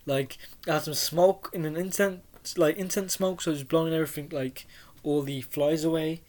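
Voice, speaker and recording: A woman's voice: low-pitched, fairly even intonation, normal speed, darkish tone. A woman bantering with a friend and teasing her persistently, with a playful, insistent manner. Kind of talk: casual banter.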